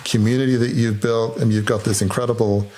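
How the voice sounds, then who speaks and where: A man's voice: medium pitch, fairly even intonation, fairly quick, a little hiss or hum. A man hosting a podcast, asking questions and telling a personal story in a reflective way. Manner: reflective and warm-hearted storytelling. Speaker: podcast host. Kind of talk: interview conversation.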